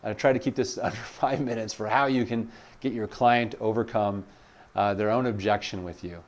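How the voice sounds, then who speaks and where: A man's voice: lowish voice, fairly even intonation, moderate pace. A man teaching sales in a casual monologue, acting out client dialogues and talking with frequent fillers. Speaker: sales coach.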